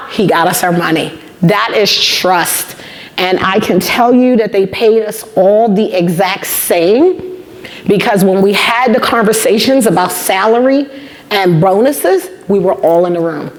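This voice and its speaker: A woman in her fifties speaking to a room of students, her voice sitting at an ordinary middle pitch. She tells workplace stories with lively, animated delivery, slipping into the voices of the people she quotes and repeating key points for emphasis. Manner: animated storyteller, acts out quoted dialogue; emphatic repetition. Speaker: guest speaker. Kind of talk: motivational talk to students.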